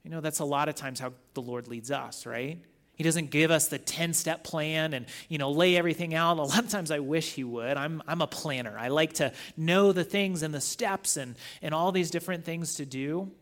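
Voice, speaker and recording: A man's voice: a little high, normal speed. Man preaching a conversational sermon. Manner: conversational, animated storytelling with scripture readings. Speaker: guest teacher.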